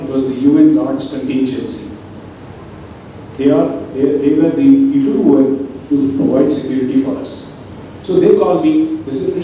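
A man's voice: fairly high pitch, dark tone. A man giving a talk of personal stories, acting out the dialogue as he tells them. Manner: storytelling that acts out quoted dialogue. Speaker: invited speaker. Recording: distant, dull, very echoey hall with faint noise.

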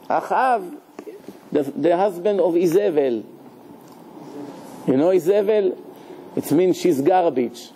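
A man delivering a Torah lecture as a rabbi, his fairly high voice mellow rather than sharp. He jokes, fires questions at his listeners, and drops Hebrew terms as he goes. A faint hum of noise sits behind him. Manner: lively and joking, questions the audience. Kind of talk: live lecture to an audience.

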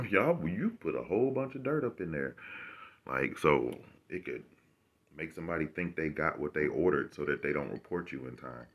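Low-voiced male vlogger, rambling and profane, sarcastic self-recorded rant. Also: animated, normal speed, slightly rough. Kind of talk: casual ranting monologue.

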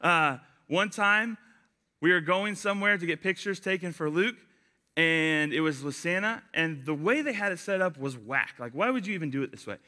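A young man giving a casual youth sermon, chatty and animated, telling stories with lots of fillers. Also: a little high, moderate pace. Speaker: youth pastor.

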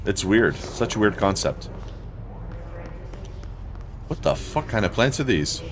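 A man's voice: on the low side, big pitch swings, takes it slowly, slight background noise. A young man commenting casually on his gameplay, thinking aloud and swearing often. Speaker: let's play gamer.

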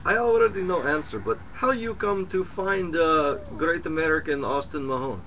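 A man doing a deadpan foreign psychic in broken English. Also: fairly high pitch, normal speed, slight background noise. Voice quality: broken English, drops articles. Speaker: comedy performer. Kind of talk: improvised comedy skit.

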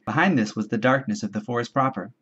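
A man reading a novel aloud in a measured, steady storytelling voice. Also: mid-range voice, breathy edge. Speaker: audiobook reader. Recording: dull lo-fi home recording.

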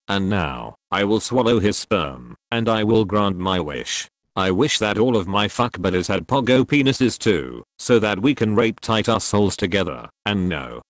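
A man's voice: lowish voice, dry recording, clean studio sound. A man delivering a crude comic monologue in character, gleeful, giggling and breaking into sing-song chants.

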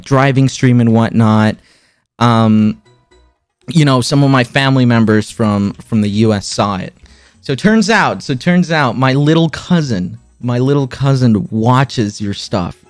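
This twenty-something streamer excitably recounts a story to his viewers, repeating phrases as his pitch climbs and dips. The pace is measured, there's no room sound, and faint music plays behind him.

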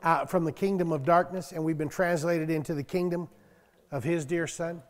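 Older male pastor, slightly high voice, folksy and conversational, loud scripture bursts, long hall reverb. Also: steady tone, moderate pace. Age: 60s. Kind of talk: conversational sermon.

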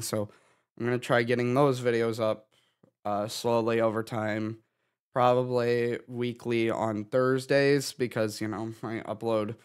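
A young man speaks slowly and haltingly, tearful after crying, often sighing and restarting his sentences. His voice sits in a middle pitch as he talks through a personal update for his channel. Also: clean tone. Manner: halting, with many restarts and sighs. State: tearful, having been crying. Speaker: gaming YouTuber.

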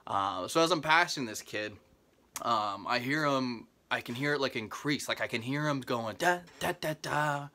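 A young comedian telling a rambling comic story in a home vlog, full of asides and fillers, now and then leaping up into mock disbelief. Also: male voice, normal speed, sharp tone. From Canada. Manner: jumps into exaggerated high disbelief. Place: parents' basement.

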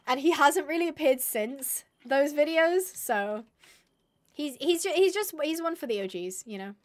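Young female streamer, high-pitched, excitable, casual live chatter with squealing bursts. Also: unhurried. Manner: excitable, squealing bursts, reads chat aloud.

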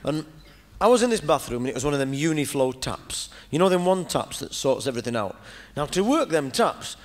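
Lively Northern English stand-up comic. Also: male voice, fairly high pitch, brisk. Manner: rambling, chatty storytelling with asides. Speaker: comedian. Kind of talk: live stand-up monologue. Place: live show in front of an audience.

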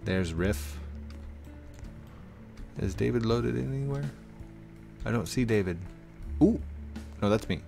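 A man giving chatty live commentary while playing an online game, talking to other players and getting excited when he finds someone. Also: lowish voice, takes it slowly, creaky, pauses often, soft background music. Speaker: gaming YouTuber.

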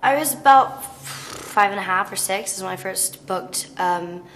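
A woman's voice: medium pitch, measured pace, slight background noise. Chatty teen girl. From United States. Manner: chatty and animated, with many fillers like "um" and "like". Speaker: actress interviewee. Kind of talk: casual interview anecdotes.

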